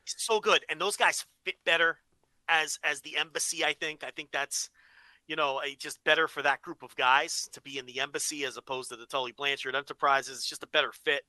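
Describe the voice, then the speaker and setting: Bright-voiced man in casual podcast chat. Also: on the high side, a little fast, dry recording, low-quality recording. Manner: profane, animated storytelling. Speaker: podcast co-host.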